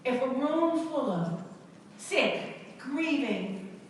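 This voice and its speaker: A middle-aged woman giving a personal storytelling talk to an audience, dramatic and emphatic, with long pauses and repetition. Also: high-pitched, expressive, a little hiss or hum. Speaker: speaker at a self-help event. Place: large indoor event hall. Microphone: camera in the audience. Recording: echoey hall recorded from far off.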